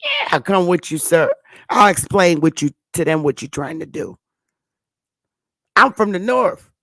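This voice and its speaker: A man playing a calm local go-between. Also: high voice, unhurried, gravelly, dry recording, full character voice. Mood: reassuring. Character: reassuring local male guide and go-between.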